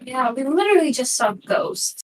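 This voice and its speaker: A woman chatting as a player at a tabletop game. She speaks in an earnest, chatty way with a slightly high voice. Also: very animated, normal speed, recorded from a distance, a little hiss or hum, low-quality recording. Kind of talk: tabletop role-play chat.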